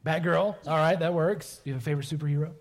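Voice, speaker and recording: A man's voice: fairly high pitch, rapid-fire. A man preaching a sermon, chatting playfully with a child in front of the congregation and laughing easily. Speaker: pastor.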